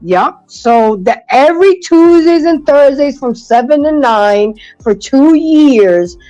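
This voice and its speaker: Woman, higher voice, native Spanish speaker, casual chat, dry close sound. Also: lively intonation, slow pace, warm tone, dry recording, lo-fi sound, soft background music. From United States, from Dominican and Sicilian parents. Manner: chatty, storytelling, some stumbling over R sounds. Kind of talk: casual conversation.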